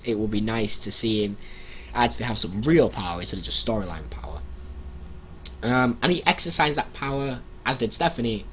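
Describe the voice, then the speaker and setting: A man recapping wrestling results in a casual vlog, talking excitedly and breaking into loud shouted impressions. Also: mid-range voice, slight background noise. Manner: excited, animated, imitates people with loud shouts.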